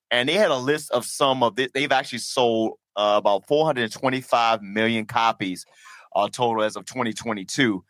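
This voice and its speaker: A middle-aged man hosting a podcast in casual chat, telling stories in an animated, profane way. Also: medium pitch, no room sound. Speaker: podcast host.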